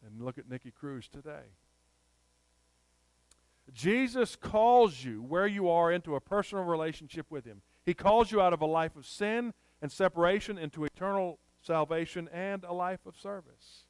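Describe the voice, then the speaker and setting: Man, preacher, sermon, emphatic storytelling, smooth voice, dry sound. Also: high-pitched, expressive, no room sound. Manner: storytelling, emphatic with slow repeated phrases.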